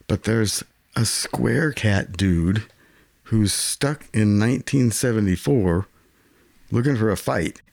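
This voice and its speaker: A man's voice: fairly low pitch, creaky, a little mellow, no room sound. A man co-hosting a music podcast, explaining songs and guitar tones with enthusiasm. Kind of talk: casual music chat.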